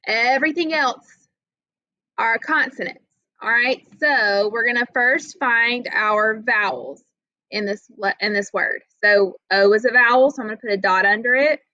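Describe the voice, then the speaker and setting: A woman with a bright, forceful voice walks young readers through a phonics lesson, patient and step by step. Her voice sits a little high, and she often checks in with the class. The audio is dull and lo-fi, with a dry, close sound. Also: no room sound. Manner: patient, step-by-step explaining with frequent "okay?" checks. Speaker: teacher. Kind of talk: reading lesson for children.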